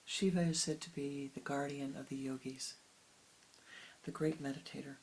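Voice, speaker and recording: A spiritual teacher giving a meditative sermon, speaking slowly and softly, often sinking into a whisper, with long pauses. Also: medium pitch, fairly even intonation, slight background noise. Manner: slow, soft, often dropping into whispers; unhurried with long pauses, halting restarts.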